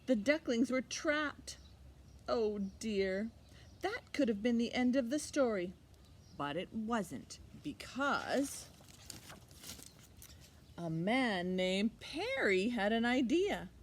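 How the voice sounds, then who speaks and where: Woman storyteller for children; slow, animated read-aloud, slightly high voice. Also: a little hiss or hum. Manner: expressive, slow and animated, with asides to the listener. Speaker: children's librarian.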